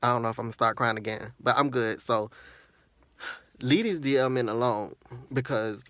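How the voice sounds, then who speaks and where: A man's voice: medium pitch, normal speed, bright, forceful tone. A man, talking earnestly and at length to his viewers in a personal vlog, venting about a friend. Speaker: vlogger.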